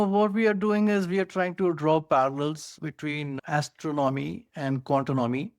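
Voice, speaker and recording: A man's voice: fairly high pitch, creaky, dry recording, clean studio sound. A man with an Indian accent co-hosting a podcast, explaining technology eagerly with many "you know" fillers. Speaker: co-host. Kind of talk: casual tech podcast chat.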